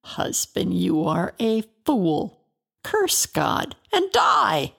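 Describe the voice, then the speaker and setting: A woman's voice: fairly low pitch, takes it slowly, gravelly, heavily acted. A woman voicing a scornful wife in a storybook reading, harsh and contemptuous toward her suffering husband. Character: scornful wife of a ruined man.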